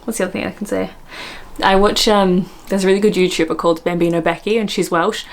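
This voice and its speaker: A woman's voice: mid-range voice, little pitch movement, quick pace. An Australian woman from Australia, chatting casually to camera as a vlogger, giggly and self-mocking. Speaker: vlogger host.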